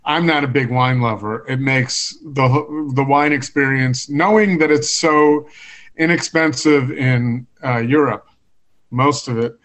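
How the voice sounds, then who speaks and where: A man hosting a podcast, asking questions in a halting way with many fillers. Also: mid-range voice, fairly bright tone. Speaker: podcast host. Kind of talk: casual podcast interview.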